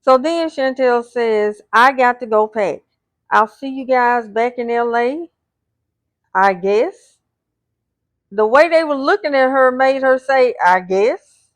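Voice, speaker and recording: A woman's voice: sits high, takes it slowly, no room sound. A woman recapping a reality TV episode scene by scene, reading out what the cast said and adding blunt asides. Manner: retells scenes, reading out the cast's lines.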